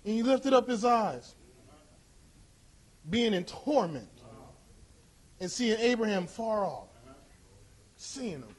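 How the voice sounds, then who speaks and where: A man preaching a sermon, impassioned and rising to shouts with drawn-out emphasis. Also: high-pitched, very animated, husky.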